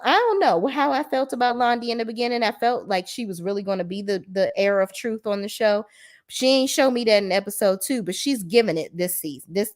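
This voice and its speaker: Animated, profane woman video reviewer. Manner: blunt, profane and sassy; animated, swings between high exclamations and low asides. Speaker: reality TV reviewer. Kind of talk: casual video commentary.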